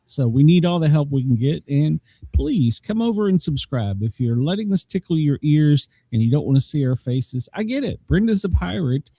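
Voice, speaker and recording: A man's voice: on the high side, very animated, moderate pace, dark tone, slightly rough, no echo. A middle-aged man hosting a podcast in casual chat, joking and rambling with frequent chuckles. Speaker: podcast host.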